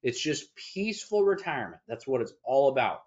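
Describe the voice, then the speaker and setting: A man who owns a retirement planning firm, answering interview questions in a folksy sales pitch full of homespun analogies. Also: big pitch swings, a little fast, a little mellow. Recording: dull lo-fi audio.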